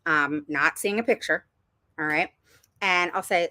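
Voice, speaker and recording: Casting note middle-aged woman, chatty parent-advice vlogger, lowish bright voice, dry close sound. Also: measured pace, pauses often, dry recording. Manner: chatty, rambling with many ums and laughs. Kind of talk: casual advice talk to viewers.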